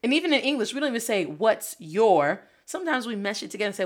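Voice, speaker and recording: A woman teaching a Spanish lesson, drilling phrases with lively repetition and switching languages. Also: fairly high pitch, fast. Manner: animated, switches between English and Spanish, repeats phrases for drill. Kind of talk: energetic video lesson. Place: Detroit.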